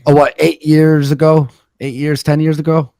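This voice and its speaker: Abwehrender Mann, trockener Klang. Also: male voice, a little high, level tone, moderate pace, warm tone, no room sound. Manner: defensive, self-deprecating. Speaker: guest, former stand-up comedian. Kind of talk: casual chat on a livestream.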